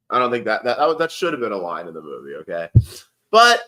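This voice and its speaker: A man's voice: fairly low pitch, bright, forceful tone. A man giving rambling, heated political commentary on a casual livestream, swearing and restarting often.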